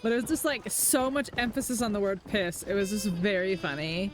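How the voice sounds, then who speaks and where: A woman's voice: medium pitch, measured pace, long pauses, faint music behind. A woman chatting casually and giggling while she plays a game on stream. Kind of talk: casual gameplay commentary. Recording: faint noise over game sound.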